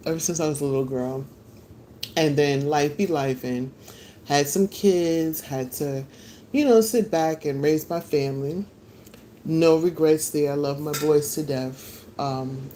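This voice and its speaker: A middle-aged woman talks to her live viewers in a relaxed, chatty way, laughing often and eating as she goes. Her voice is low and warm. She is outdoors on a porch, and faint outdoor noise sits behind her on the phone recording. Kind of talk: casual live chat.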